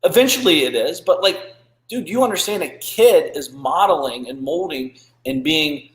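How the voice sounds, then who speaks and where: A man's voice: fairly high pitch, moderate pace, a bit bright, echoey room, poor audio. A man in his thirties hosting a podcast, giving blunt motivational talk that is preachy and full of swearing. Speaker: podcast host.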